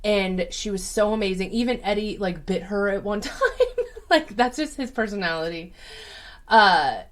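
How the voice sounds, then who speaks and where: A woman's voice: mid-range voice, moderate pace. A woman who reads tarot as a psychic, telling a personal story in a casual, chatty way with many fillers.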